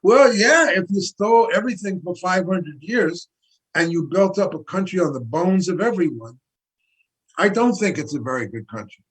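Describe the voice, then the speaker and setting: Older male guest, husky, slightly high, emphatic and preacherly. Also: expressive, normal speed, a bit bright, low-quality recording. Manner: emphatic, repeats numbers for effect, preacherly. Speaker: guest activist. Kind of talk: impassioned interview talk.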